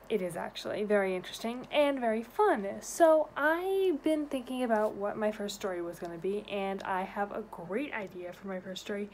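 A woman vlogger telling a personal story in an animated, expressive way. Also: normal speed, slight background noise. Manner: animated, expressive storytelling with big pitch swings. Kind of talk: storytime vlog.

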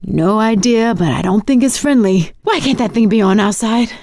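A woman's voice: medium pitch, moderate pace, vocal fry, a little mellow, no echo. An actress playing a wary, wry woman survivor in video game voice lines, with dry remarks. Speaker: game character.

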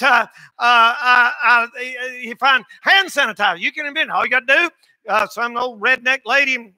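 A man preaching a sermon as pastor of a church, emphatic and often shouting. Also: extremely high pitch, no room sound.

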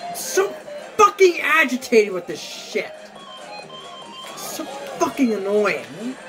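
A woman's voice: on the high side, big pitch swings, slow pace, over music. A woman recording gameplay commentary, swearing and ranting at the game.

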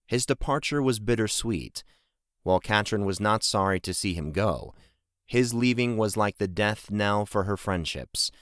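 Guy reading a fantasy audiobook, lowish voice, steady, dead dry sound. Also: normal speed, clear, resonant tone, dry recording. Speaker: audiobook narrator. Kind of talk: scripted narration.

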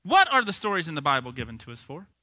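A young man preaching a sermon, retelling a Bible story in a casual, animated way with slang. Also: on the high side, rapid-fire. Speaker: pastor.

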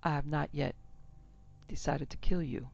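A woman voicing a cold, soft-spoken outlaw soldier in a horror audio story, talking low, quiet and menacing. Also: fairly even intonation, unhurried, gravelly, heavily acted. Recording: dull lo-fi with faint music.

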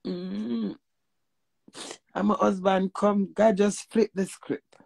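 A woman with a Jamaican accent speaks her testimony in a gravelly, husky voice. She preaches with emphasis, mixes patois with blunt swearing and keeps asking her listeners whether they hear her. The sound is dry and close. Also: mid-range voice, fairly even intonation, slow, darkish tone, no echo. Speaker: vlogger sharing personal testimony. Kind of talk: emotional spoken testimony.

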